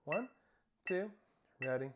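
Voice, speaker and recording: A percussion instructor with a high-pitched voice and big pitch swings teaches a snare drum lesson, taking it slowly. He counts beats aloud and calls out stickings and start cues over snare drumming.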